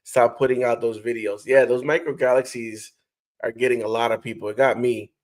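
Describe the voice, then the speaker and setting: A man's voice: mid-range voice, steady tone, fairly quick. A man hosting a casual livestream, greeting viewers and reading their comments aloud. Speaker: livestream host reading chat.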